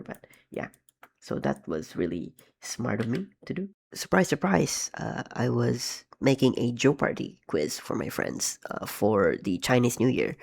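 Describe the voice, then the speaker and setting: A man's voice: medium pitch, creaky, a little mellow. A man casually talking through how he made his animations, rambling with many ums and restarts and poking fun at himself. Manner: rambling, self-deprecating, frequent ums and restarts. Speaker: animator vlogger. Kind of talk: casual behind-the-scenes commentary.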